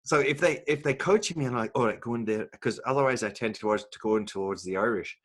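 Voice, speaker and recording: A South African man hosts over a video call and keeps teasing his guest. He talks quickly with a lively, swooping pitch, and his voice is husky. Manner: teasing, playful. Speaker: podcast host, comedian. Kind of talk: casual video-call chat.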